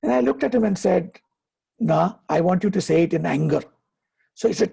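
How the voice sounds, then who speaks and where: A man, a happiness coach giving advice and telling stories in a deliberate way, slowing down for emphasis. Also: high-pitched, expressive, gravelly, dark tone, husky. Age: 50s. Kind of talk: conversational advice, storytelling.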